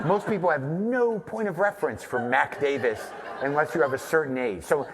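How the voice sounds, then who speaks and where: A man's voice: fairly high pitch, animated, normal speed, in a large hall, background noise. A man from New Mexico, a comedian and podcaster, telling a long, profane, self-deprecating story in a live on-stage conversation. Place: theater stage before an audience.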